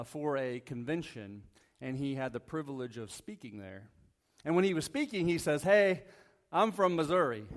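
A man preaching a conversational sermon as a pastor, reading Bible verses, often checking in with the congregation and joking lightly. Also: medium pitch. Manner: casual, asks the congregation "right?" often, jokes lightly. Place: church sanctuary.

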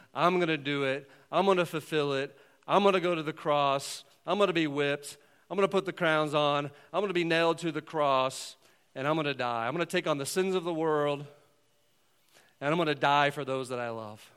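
A pastor preaching a sermon in a conversational, earnest way, swinging between loud emphasis and quiet asides. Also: male voice, fairly high pitch, clean tone.

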